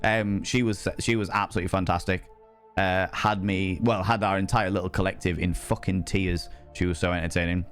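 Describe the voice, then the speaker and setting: A man's voice: sits low, steady tone, brisk, soft background music. A young man streaming, casually telling a rowdy night-out story, swearing freely and acting out quoted voices.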